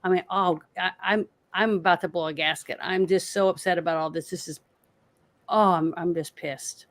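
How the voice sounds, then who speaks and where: A woman's voice: lowish voice, fairly even intonation. A woman co-hosting a political podcast, ranting in heated, swearing bursts. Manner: fired-up, swearing, rapid bursts of anger. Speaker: co-host.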